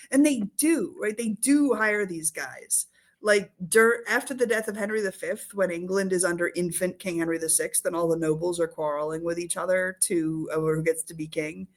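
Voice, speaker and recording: A woman's voice: mid-range voice, expressive, normal speed. A woman historian in a casual interview, explaining history in a playful storytelling way with acted quotes. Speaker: historian guest.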